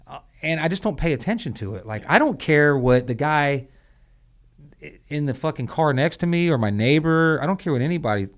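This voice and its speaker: A man's voice: fairly high pitch, expressive, a little fast. A man co-hosting a podcast in casual chat, blunt and rambling, swearing freely. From southern United States. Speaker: podcast co-host.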